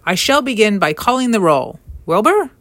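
A woman voicing a wise, composed female barn spider in a storybook reading, speaking crisply and with command. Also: medium pitch, sing-song, normal speed, a bit bright, no room sound. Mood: brisk, matter-of-fact. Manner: crisp and commanding, precise wording.

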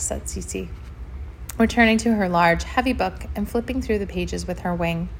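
A woman narrating a children's story in a gentle, expressive way, with chatty asides to the listener. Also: on the low side, moderate pace, a little hiss or hum.

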